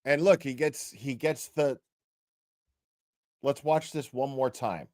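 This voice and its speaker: A man's voice: medium pitch, slow, darkish tone, dry recording. Brief: male stream commentator, crude, blunt, swears a lot, dry close sound. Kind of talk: profane casual commentary over video clips.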